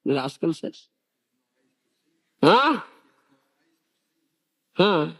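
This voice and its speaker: Animated older man lecturing. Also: fairly high pitch, very slow. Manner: animated, rhetorical questions and frequent laughter. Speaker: spiritual teacher. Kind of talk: devotional lecture.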